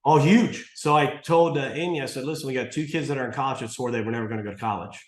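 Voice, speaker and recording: A man's voice: medium pitch, fast. Man, 60s, interview guest, rambling storyteller with restarts, echoey room. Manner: rambling, restarts often, acts out dialogue. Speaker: martial arts school owner, guest. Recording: roomy echo.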